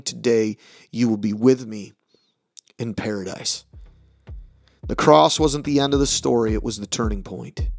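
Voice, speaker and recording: A man who is a pastor, giving an earnest sermon summary for a podcast, slowing and dropping his voice on key words. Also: dry recording. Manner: earnest, dramatic pauses, drops low on key words. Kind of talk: short recorded sermon summary.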